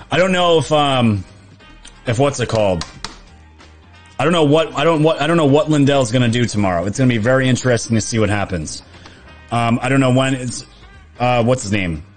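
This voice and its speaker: A man, chatting casually on a live stream, reading viewer comments, laughing often and restarting his sentences. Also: mid-range voice. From New York.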